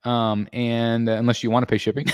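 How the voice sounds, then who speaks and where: A man's voice: mid-range voice, fairly even intonation, moderate pace, clean tone, no echo, studio quality. A man hosting a casual collectors' livestream, reading chat messages and answering in a rambling way with many ums and restarts. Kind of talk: casual live-stream chat.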